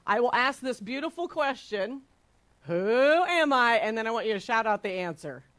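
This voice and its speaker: A woman's voice: on the high side, a little fast, fairly bright tone. A woman leading a Bible study group in a playful devotional talk, teasing the group and stretching out her phrases like a game-show host. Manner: chatty and teasing, laughs easily.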